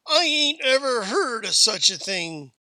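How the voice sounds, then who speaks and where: A man's voice: very high voice, sing-song, unhurried, sharp tone, dry recording, voice pushed up, exaggerated voice. A man voicing a skeptical frontier saloon barman, sounding incredulous.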